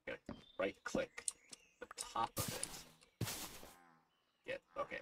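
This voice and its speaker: A man narrating his own gameplay, exasperated and muttering to himself, with sudden panicked yelps. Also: slow pace. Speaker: gaming video creator. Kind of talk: let's play commentary. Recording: distant mic with loud background noise.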